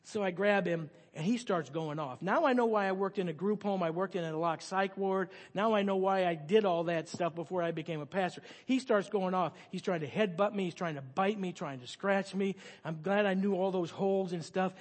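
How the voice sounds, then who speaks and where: A middle-aged man preaches a story-filled sermon, his voice sitting a little high for a man. He swings between loud, excited retelling and soft, hushed moments, with a long reverb trailing off his words in the hall. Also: moderate pace, few pauses. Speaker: pastor.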